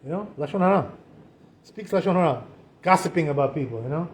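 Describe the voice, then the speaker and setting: A rabbi gives a loose, conversational talk to a room of listeners, leaning on "you know" and "right?" at every turn. His voice sits fairly high for a man, and he jumps into animated little impressions to make a point. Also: brisk, pauses often. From Israel. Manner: chatty, peppers speech with "you know" and "right?"; animated, acts out quoted voices. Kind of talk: informal Torah talk.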